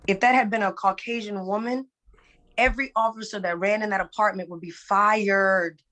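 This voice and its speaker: A woman's voice: mid-range voice, steady tone, normal speed, fairly bright tone. A woman speaking as a guest in a candid conversation, earnest and emphatic, often checking in with "right?". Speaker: guest, musician.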